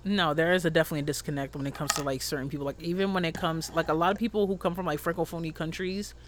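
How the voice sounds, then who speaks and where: A man chatting casually as a podcast co-host, animated and emphatic, with a slangy, ranting manner. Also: on the high side, rapid-fire, background noise. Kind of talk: casual chat.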